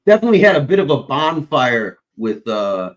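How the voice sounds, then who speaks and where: A man's voice: mid-range voice, very animated, normal speed, lo-fi sound. A man hosting a stream, rambling in casual chat, swearing constantly and filling gaps with uh and whatchamacallit. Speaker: stream host.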